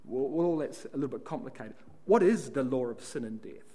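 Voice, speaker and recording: A man's voice: mid-range voice, expressive, a little fast, dark tone, husky. A man giving a Bible study talk, reading scripture aloud and asking and answering his own questions as he explains each verse. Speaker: Bible class speaker.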